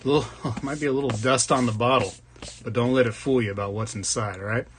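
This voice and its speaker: Talking fast with fairly even intonation, this medium-pitched male livestream host reads the chat casually, calling out viewers by name and joking with them. There's some background noise.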